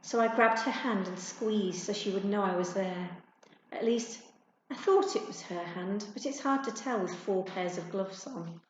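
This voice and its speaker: A woman reading a children's storybook aloud to pupils, gentle and expressive. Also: mid-range voice, a little slow, slight background noise. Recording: echoey room, dull sound.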